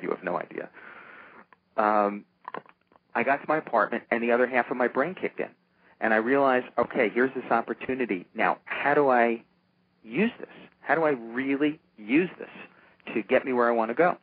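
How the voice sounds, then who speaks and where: An older man, a comic book producer, telling stories in a casual interview and acting out the voices of the people he quotes. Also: on the low side. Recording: tinny phone-line sound with faint noise.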